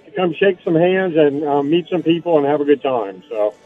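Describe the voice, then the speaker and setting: Male radio caller from Louisiana, high voice, rambling and excited, tinny phone line. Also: normal speed, soft background music. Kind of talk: phone-in call.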